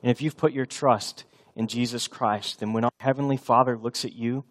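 Pastor, man, 30s, earnest sermon delivery, middle pitch, repeats key lines for emphasis. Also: moderate pace.

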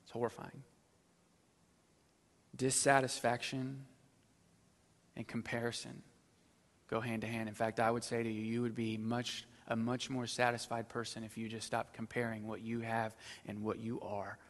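A middle-aged man preaching a sermon as pastor, swinging between loud emphatic stretches and low, quiet asides. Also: little pitch movement, moderate pace, long pauses, in a large hall.

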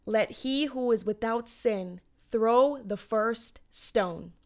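A woman quoting Jesus as a calm, gentle man who speaks softly and slowly while forgiving someone in a retold story. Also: a little high.

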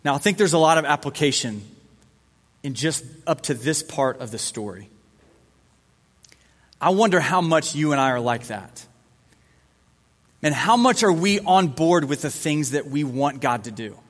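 Male preacher, fairly high voice, casual sermon style, long hall reverb. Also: lively intonation, normal speed, pauses often. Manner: casual, conversational preaching that acts out the dialogue.

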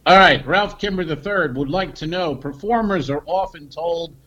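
Dry rambling podcast host, lo-fi. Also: male voice, on the high side, moderate pace, pushed and bright. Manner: dry, meandering, many fillers. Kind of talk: casual banter.

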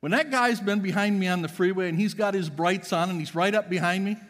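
A pastor delivering an emphatic sermon in a church, swinging between loud and hushed. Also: male voice, sits high, brisk, in a large hall. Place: church sanctuary.

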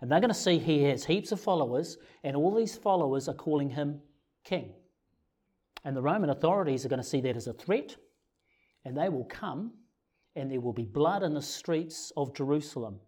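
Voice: mid-range voice, normal speed, slightly rough. Preacher telling a Bible story. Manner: lively storytelling, acting out scripture quotes. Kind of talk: sermon.

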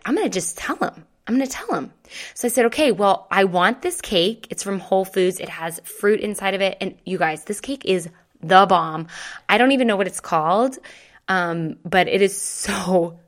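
A woman in her thirties telling a personal story in a chatty, animated way, acting out quoted dialogue. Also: fairly low pitch. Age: 30s. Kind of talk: casual storytelling to camera.

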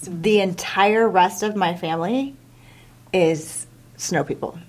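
A woman's voice: fairly low pitch, slow pace, darkish tone. Talkative middle-aged woman co-host. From Kansas City area. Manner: talkative, rambling, joking. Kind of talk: casual chat.

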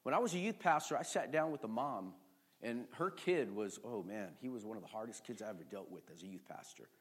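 A middle-aged male pastor preaches a sermon, lurching from shouts to near-quiet storytelling and putting questions to the congregation. His voice is on the low side and husky, with lively intonation and a slightly fast pace.

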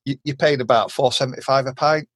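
A man from England, hosting a casual podcast chat, chatty and quick to laugh. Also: mid-range voice, steady tone, fairly bright tone, husky, no echo. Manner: chatty, laughs often, repeats words when starting. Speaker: podcast host.

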